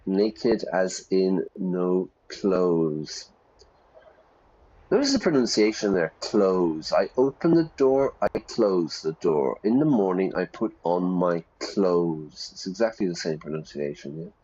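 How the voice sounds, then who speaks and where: A man's voice: deep voice, very animated, moderate pace, few pauses, darkish tone, breathy edge. A man teaching English while playing a video game, reading the game's text aloud and stopping to explain words and pronunciation. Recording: dull lo-fi recording.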